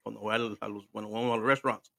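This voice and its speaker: A man's voice: lowish voice, fairly even intonation, very fast, gravelly, pushed and bright, dry recording, clean studio sound. A man, hosting a podcast and telling a story in casual chat, laughing and swearing as he switches between English and Spanish. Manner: drinking while talking. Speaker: podcast host.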